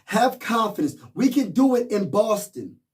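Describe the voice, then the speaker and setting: A man gives hyped, slangy fan commentary and keeps hammering the same points. His voice sits fairly high and is picked up from a little away from the mic. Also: very animated, unhurried, darkish tone, distant mic. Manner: repetitive, rallying, slangy. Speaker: sports fan vlogger.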